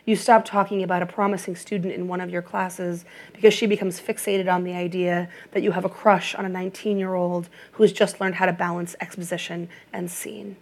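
A woman reading an audiobook in a measured, even narration. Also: on the low side.

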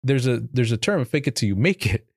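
A man's voice: medium pitch, animated, brisk, breathy edge, dry recording, studio quality. A man hosting a casual group podcast chat, talkative and swearing easily. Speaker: podcast host.

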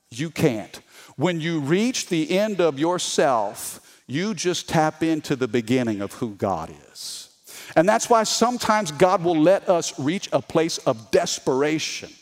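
A man preaching a sermon as a pastor, animated and humorous, reading scripture aloud and calling on the congregation to answer. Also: a little high, a little slow. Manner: reads scripture aloud with voiced characters.

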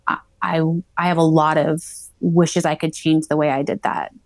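Woman guest in her thirties, chatty, lowish voice, dry close mic. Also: little pitch movement, normal speed, darkish tone, dry recording. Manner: chatty, frequent "like" fillers and restarts. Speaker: guest, PhD student in psychology. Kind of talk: casual interview talk.

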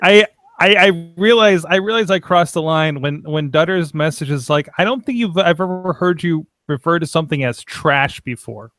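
Man host, casual chat, high voice, stammery and animated, close dry mic. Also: normal speed, dry recording. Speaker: podcast host.

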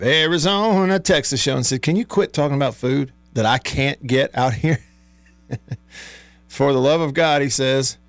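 A man's voice: on the high side, fairly bright tone, no room sound. A man hosting a casual sports talk radio show, chatty and easygoing, often laughing as he reads listener texts in a studio. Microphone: studio microphone.

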